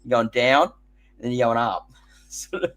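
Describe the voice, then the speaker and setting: A man's voice: mid-range voice, normal speed, a bit bright. An Australian man hosting a live gardening Q&A, chatting casually and rambling into jokey stories. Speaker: host.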